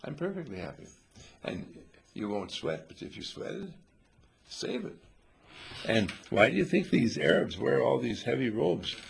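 A man's voice: medium pitch, sing-song, measured pace, creaky, a little hiss or hum. A man teaching a group at a monastery in a rambling, questioning way, often acting out quoted voices. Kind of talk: informal spiritual talk to a group.

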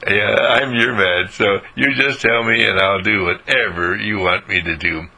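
A man's voice: fairly low pitch, fairly even intonation, measured pace, vocal fry, sharp tone, heavily acted, poor audio. An older man voicing a doting husband who gushes with praise for his wife. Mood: gushing. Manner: gushing, effusive praise.

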